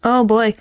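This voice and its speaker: A woman's voice: on the high side, a little mellow, a little hiss or hum. A woman streaming a game, chatting casually and playfully to her viewers. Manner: chatty, playful, talks to herself. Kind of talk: casual chat.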